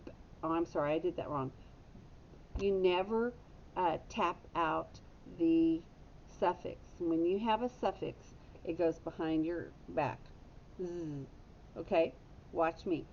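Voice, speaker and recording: Slow, gravelly woman teaching phonics. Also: darkish tone. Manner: slow, patient, corrects own slips. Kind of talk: phonics lesson for young children. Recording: dull lo-fi audio with faint rumble.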